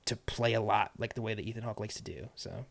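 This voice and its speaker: A young man co-hosting a casual film and TV podcast, animated and quick to laugh, with frequent restarts. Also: lowish voice, gravelly. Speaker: podcast co-host. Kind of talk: casual chat.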